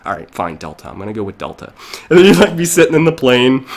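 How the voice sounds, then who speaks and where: A man's voice: medium pitch, big pitch swings, quick pace, vocal fry. A young man chatting casually on a live stream, rambling into tangents and laughing often, with the mic very close to his mouth. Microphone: desk mic very close to mouth.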